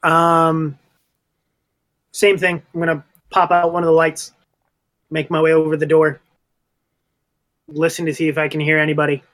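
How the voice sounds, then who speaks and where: A man with a fairly high voice plays in a tabletop game, describing his moves in a laid-back, joking way. He talks loosely and casually. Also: monotone, moderate pace, pauses often, a bit bright. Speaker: player.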